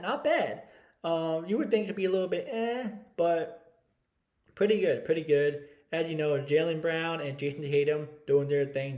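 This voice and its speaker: A man's voice: on the high side, darkish tone. Man co-hosting, rambling sports chat. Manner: rambling, many "uh" fillers, checks stats live. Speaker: sports podcast co-host. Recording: roomy echo.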